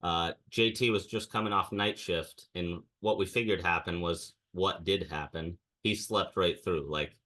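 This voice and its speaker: A man's voice: low-pitched, steady tone, unhurried, few pauses, sharp tone. A young man and podcast co-host telling a ranting story in casual chat, mimicking the people he quotes.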